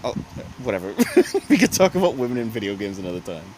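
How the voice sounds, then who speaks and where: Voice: mid-range voice, very animated, fast talker, darkish tone, slight background noise, low-quality recording. A podcast co-host in casual chat who rambles, restarts often, and drops sarcastic asides.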